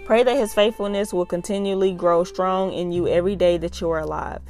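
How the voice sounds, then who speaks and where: A woman's voice: on the low side, fairly even intonation, a little fast, darkish tone, soft background music. A young adult woman, earnestly reading and talking through scripture in a casual devotional vlog. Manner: earnest, emphatic, repeats "y'all". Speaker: faith vlogger reading devotional.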